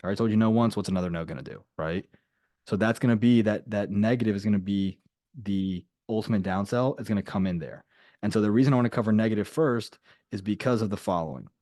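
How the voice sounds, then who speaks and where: Low mellow man coaching casually. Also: fast, no room sound, clean studio sound. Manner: casual, emphatic, repeats key phrases. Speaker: sales coach. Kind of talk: group coaching call.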